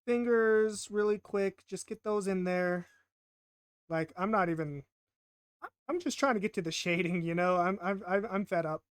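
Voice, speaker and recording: A man's voice: high voice, normal speed, clean tone, no echo, studio quality. A man casually narrating while he draws, rambling and self-deprecating, often stammering and repeating himself. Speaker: art vlogger.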